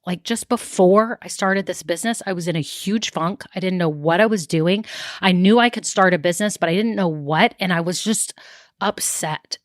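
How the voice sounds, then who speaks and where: A woman's voice: mid-range voice, no echo. Chatty woman podcaster, dry sound. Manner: chatty, acts out her own thoughts in quick asides. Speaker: podcast host and business coach. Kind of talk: casual solo podcast talk.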